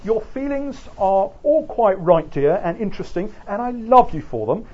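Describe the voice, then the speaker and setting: A condescending nineteenth-century senator calms his wife in an Oxford English accent, voiced by a man reading aloud. His tone is soothing and patronising. The recording is slightly muffled. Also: high-pitched, normal speed, husky, pitched above the performer's own voice, heavily acted.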